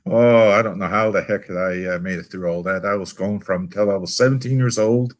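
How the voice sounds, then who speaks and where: Folksy Canadian man, low voice. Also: brisk. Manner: earnest, folksy, quotes people in raised voices. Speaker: recovery meeting guest. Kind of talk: casual storytelling.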